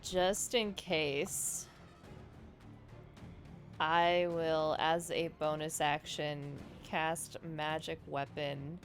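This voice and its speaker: Slow, low-voiced woman player. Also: fairly even intonation, faint music behind.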